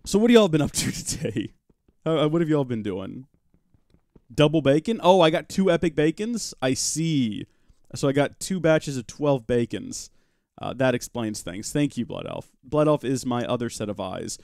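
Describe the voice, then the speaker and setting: A man narrates his live game session in a loose, joking way, talking to his viewers and to objects in the game. His pitch swings a lot, bouncy and expressive. The sound is close and dry, with no room echo. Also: moderate pace, creaky. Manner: chatty, joking asides, talks to chat and his pet rock. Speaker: gaming livestream host. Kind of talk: live Minecraft modpack let's-play commentary.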